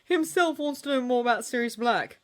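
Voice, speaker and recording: A woman voicing a calm, brisk male army doctor who speaks lightly. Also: on the high side, pitched above the performer's own voice, lightly acted.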